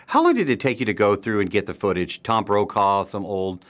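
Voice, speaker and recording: A man's voice: fairly low pitch, very animated, a little fast. Enthusiastic male entertainment interviewer. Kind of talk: press junket interview.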